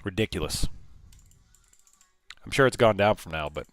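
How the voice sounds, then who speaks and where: A deep-voiced man with lively intonation keeps a moderate pace in this dry recording. He's running a live trading stream, chatting casually about the market while thinking aloud and frequently restarting or repeating himself.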